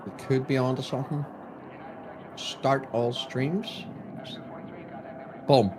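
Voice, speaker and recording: A man talks slowly and mutters to himself as he works through stream settings, swearing and joking along the way. Clear background noise sits behind his voice. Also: mid-range voice, steady tone. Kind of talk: casual chat while setting up a stream.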